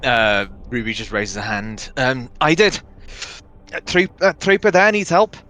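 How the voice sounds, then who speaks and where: A man's voice: medium pitch, unhurried, bright, forceful tone. A man playing a tabletop game who talks casually and hesitantly. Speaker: player.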